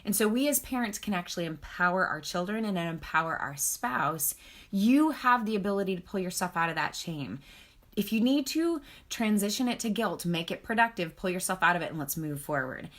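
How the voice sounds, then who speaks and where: On a book club live stream, a woman who works as a marriage counselor and author teaches casually, sounding earnest and encouraging as she checks in with viewers and reads their comments aloud. Her voice sits fairly low, with lively intonation, a brisk pace and a slightly bright quality.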